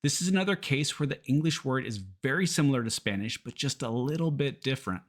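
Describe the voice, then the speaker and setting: A man from teaching English pronunciation, modeling words slowly and repeating them so learners can copy. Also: medium pitch. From Kentucky, United States. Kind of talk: pronunciation lesson.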